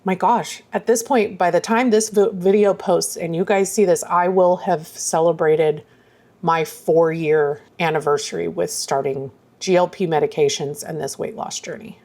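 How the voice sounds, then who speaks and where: A woman's voice: lowish voice, steady tone, moderate pace, dark tone. A woman vlogger talking casually to her viewers, rambling and self-deprecating, earnest and openly emotional. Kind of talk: casual chatty vlog.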